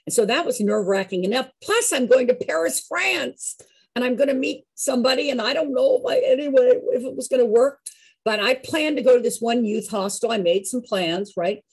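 A woman in her sixties telling a personal story in an animated, chatty way, with a husky voice. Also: on the high side, brisk, low-quality recording. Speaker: show regular.

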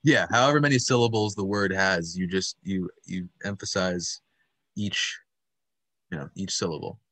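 Low, dry-voiced man teaching puppetry. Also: moderate pace, fairly bright tone, no echo. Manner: patient, encouraging, explains step by step. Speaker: puppetry workshop instructor. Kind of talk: teaching an online workshop. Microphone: video call.

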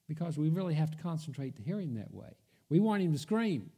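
A man delivers a sermon with a fairly high, mellow voice. His pitch swings widely as he tells the story and voices the figures in it. He takes his time and lets his voice sink nearly to a whisper to make a point. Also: big pitch swings, quick pace, husky. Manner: storytelling, acting out quoted voices, drops to a whisper for emphasis. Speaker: pastor. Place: church.

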